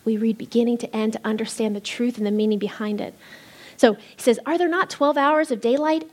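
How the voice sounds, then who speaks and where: A woman pastor preaching a sermon, telling the story with lively delivery and acting out the voices of the people in it. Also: on the high side.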